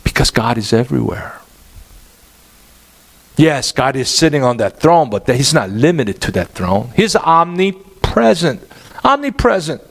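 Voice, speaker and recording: Animated pastor preaching, man. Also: mid-range voice, a little slow, creaky. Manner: animated, asks the congregation questions. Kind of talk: sermon.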